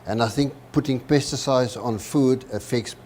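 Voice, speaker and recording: A man's voice: medium pitch, moderate pace, a little mellow, a little hiss or hum. A man from South Africa with a South African accent, explaining step by step as a guest on a cooking demonstration. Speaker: guest cook.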